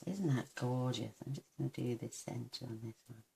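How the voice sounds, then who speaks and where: A woman from the United Kingdom demonstrating card making, soft-spoken and mumbling to herself, gushing over her work. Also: a bass voice, moderate pace, gravelly, a little hiss or hum. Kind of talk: crafting tutorial.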